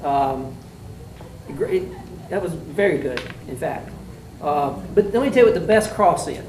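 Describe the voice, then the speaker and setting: A man's voice: fairly high pitch, lively intonation, unhurried. A middle-aged man with a drawl, critiquing mock trial students as a judge. He coaches in a folksy, blunt, joking way. He is heard from a distance in an echoey room with a faint background hiss. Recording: echoey room, mic far off, faint noise.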